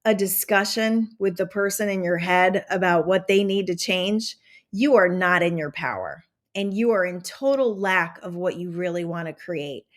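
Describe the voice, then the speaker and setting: A woman hosting a podcast, giving a casual motivational talk with animated enthusiasm and a slight Southern American twang. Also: on the low side, moderate pace. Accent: drifting into a Southern American twang. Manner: animated, enthusiastic, conversational with many fillers. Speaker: podcast host and manifestation coach.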